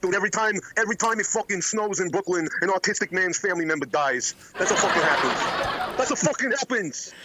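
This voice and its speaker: A man's voice: high-pitched, lively intonation, fairly quick, heavy background noise. A man calling in to a live show, ranting aggressively and swearing nonstop. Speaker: call-in caller. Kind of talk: prank call-in rant.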